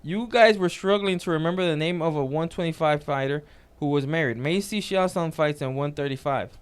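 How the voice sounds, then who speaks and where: A man co-hosting a casual podcast, telling an animated story and reading comments aloud. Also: a little high, brisk, smooth. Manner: animated storytelling, reads out comments, laughs a lot. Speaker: podcast co-host.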